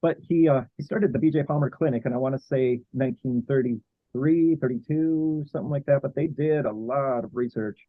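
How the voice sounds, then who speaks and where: A man talking as a guest historian in a casual interview, halting with many fillers and restarts. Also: mid-range voice, no echo. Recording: tinny phone-like line.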